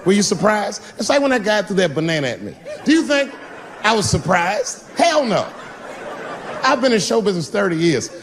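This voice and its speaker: A middle-aged man performing a loose, swaggering stand-up set, jumping to sudden high exclamations. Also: sing-song, quick pace, hardly any pauses, fairly bright tone. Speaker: stand-up comedian. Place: large theater with audience. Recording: live crowd laughter, stage noise.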